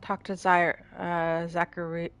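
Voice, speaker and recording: A woman's voice: lowish voice, flat delivery, a little slow, fairly bright tone, clear, resonant tone, soft background music. A woman streaming a mystery game, chatting casually and cooing at her big dog. She is slightly sick. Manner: chatty, easily distracted, talks fondly to her dog. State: slightly sick, throat-clearing. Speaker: gaming streamer. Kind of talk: casual gameplay commentary.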